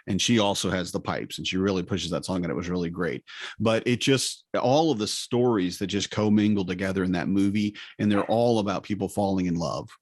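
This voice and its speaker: Lively storytelling man, low dry voice. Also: a little fast, dry recording. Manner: animated storyteller who acts out quoted lines. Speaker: podcast co-host. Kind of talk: casual podcast chat.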